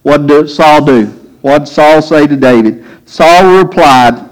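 A man's voice: a little high, unhurried, hardly any pauses, darkish tone, poor audio. A man preaching a sermon, telling a scripture story and acting out the voices with rising emphasis. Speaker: pastor.

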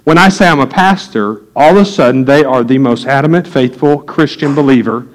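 A man's voice: medium pitch, a little fast, poor audio. A male pastor telling a story to his congregation, loose and conversational with restarts. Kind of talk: sermon storytelling to a live congregation.

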